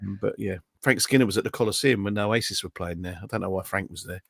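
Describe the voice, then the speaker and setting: A man hosting a podcast, firing off teasing questions and quick banter. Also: on the low side, gravelly, a bit bright, dry recording. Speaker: podcast host. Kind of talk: casual chat. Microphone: podcast microphone.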